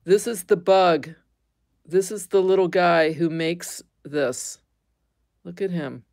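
A woman's voice: on the low side, takes it slowly, vocal fry, darkish tone, dry recording, clean studio sound. A woman hosting a casual craft livestream, chatting with viewers, easily amused and squeamish, laughing and exclaiming. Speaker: livestream host.

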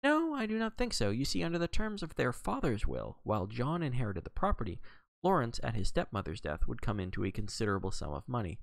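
A man voicing a soothing, careful middle-aged lawyer in an audiobook reading, speaking in measured tones. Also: mid-range voice, wildly swooping pitch, vocal fry, dry recording.

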